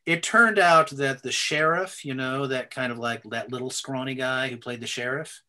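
An older man, a guest actor, chatting in a casual interview, animated and laughing, with stammering restarts and some swearing. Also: mid-range voice, moderate pace. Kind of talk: casual interview over a call.

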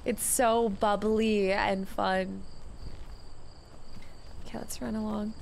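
Woman, let's-play commentary, excitable, repeats words, slow talker. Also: medium pitch, gravelly, slight background noise. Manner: excitable, repeats words rapidly when panicked. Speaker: video game streamer. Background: loud game music.

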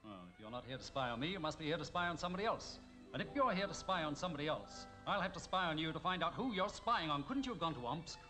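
An actor playing a suave British male spy in a 1960s TV comedy sketch, smooth and dryly ironic, over music. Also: fairly high pitch, animated, fast talker, close to an everyday voice. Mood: playful.

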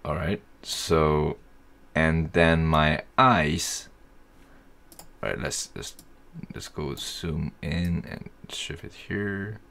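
Man, low voice, unhurried, gravelly edge, easygoing thinking-aloud software tutorial. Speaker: tutorial host. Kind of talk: casual screen-recorded software tutorial.

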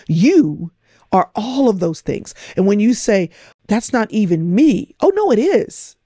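A woman's voice: lowish voice, mellow, no room sound, clean studio sound. A middle-aged woman hosting a podcast, coaching her listeners with emphatic, repetitive phrasing. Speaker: podcast host. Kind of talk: motivational talk.

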